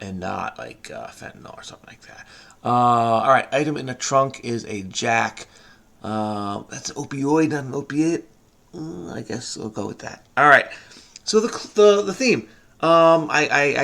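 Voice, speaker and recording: A man's voice: medium pitch, gravelly, a bit bright. A middle-aged man thinking aloud as he solves a crossword, muttering and hesitant, often trailing off. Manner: muttering, hesitant, many trailing "I don't know"s. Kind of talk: casual think-aloud puzzle solving.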